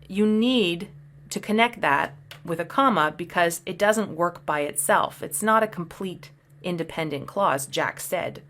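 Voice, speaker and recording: A woman's voice: on the low side, fairly bright tone. A woman teaching English punctuation, patiently explaining each example and reading the sample sentences aloud. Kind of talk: explaining grammar over slides.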